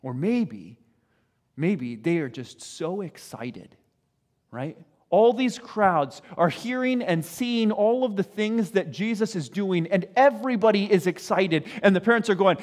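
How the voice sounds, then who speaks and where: A man's voice: sits high, animated, a little slow. Man preaching conversationally in a reverberant hall. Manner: conversational, frequent "right?" asides, acts out voices of parents and kids. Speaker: pastor. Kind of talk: sermon.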